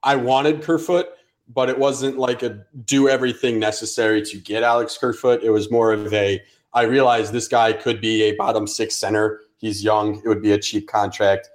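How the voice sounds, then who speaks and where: A man's voice: on the low side, steady tone, normal speed. A man co-hosting a casual podcast, chatty and reasoning things out aloud. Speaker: podcast co-host.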